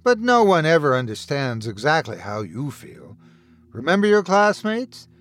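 Narrator plays a sinister male doctor: slow, quiet, mocking, pitch that leaps around. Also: very animated. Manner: taunting, slow and hushed.

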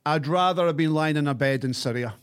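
A man's voice: a little high, fairly quick, clean tone. A Scottish man hosting a casual chat, teasing his co-host and launching into rants. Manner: mocking, retelling with rants. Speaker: podcast host.

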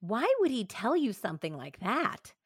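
A woman's voice: mid-range voice, very animated, normal speed, breathy edge, no echo, studio quality, pitched above the performer's own voice. A woman voicing a middle-aged male teacher, speaking in a stern, fatherly way. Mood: reassuring. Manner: stern, avuncular.

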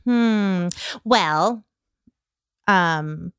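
Low-voiced woman guest, relaxed and dry. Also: extremely slow, clean tone, dry recording. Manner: relaxed, agreeable, lots of fillers. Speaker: guest, talent manager. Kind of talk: casual chat.

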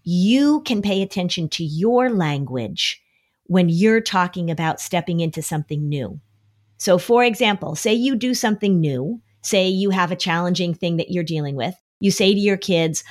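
A woman's voice: on the low side, lively intonation, moderate pace. A woman explaining an approach to anxiety on a podcast in a conversational way, often acting out worried voices as quotes. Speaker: anxiety expert.

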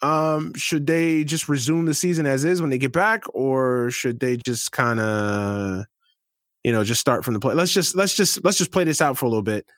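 A young man hosting a casual sports podcast, talking in an animated, slangy way and swearing freely. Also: mid-range voice, normal speed, dry recording, clean studio sound. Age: young adult. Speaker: podcast host.

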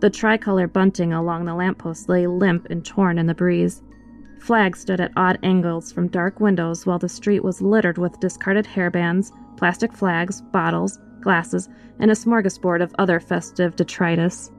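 A woman's voice: on the low side, moderate pace, soft background music. Woman narrating a horror story. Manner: expressive first-person storytelling.

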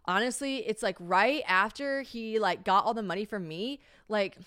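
A woman hosting a casual podcast chat, telling stories in an animated way and swearing freely. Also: medium pitch, moderate pace, smooth. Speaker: podcast host.

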